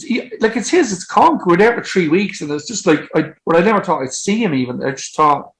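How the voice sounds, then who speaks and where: A man in his fifties, a songwriter guest telling lively anecdotes in casual chat and acting out what people said. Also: high voice, quick pace, hardly any pauses, rough recording. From Ireland. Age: 50s. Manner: animated, acts out quotes, frequent swearing.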